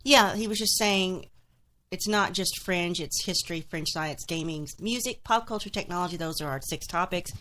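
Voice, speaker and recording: A woman's voice: fairly low pitch, normal speed, pushed and bright, slight background noise. A woman co-hosting a live show, chatty and casual, putting questions to the chat. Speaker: podcast co-host.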